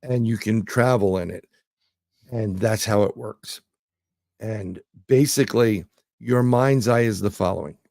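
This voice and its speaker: Gravelly New man telling stories. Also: lowish voice, unhurried, darkish tone, no echo, clean studio sound. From New York City. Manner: rambling anecdotes with many fillers and restarts. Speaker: guest, remote viewer. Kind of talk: casual interview storytelling.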